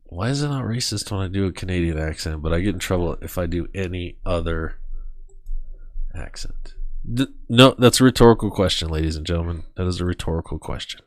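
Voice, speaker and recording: Jokey man with a lively voice. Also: low-pitched, a little fast, no echo. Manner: jokey, does goofy voices. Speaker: podcast co-host. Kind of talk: casual chat.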